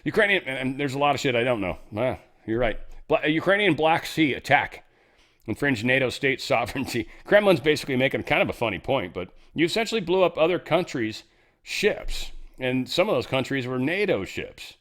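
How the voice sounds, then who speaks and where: A man's voice: mid-range voice, big pitch swings, fairly quick, a bit bright. Rambling sarcastic male news host. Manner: rambling, sarcastic, swears, does mock voices. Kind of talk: casual news commentary.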